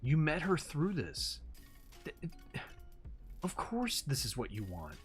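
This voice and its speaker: A man's voice: fairly high pitch, slow, soft background music. Exasperated, profane man ranting casually. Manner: animated, swings into mocking impressions and sarcastic read-outs. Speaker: commentary host. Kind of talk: casual reaction commentary.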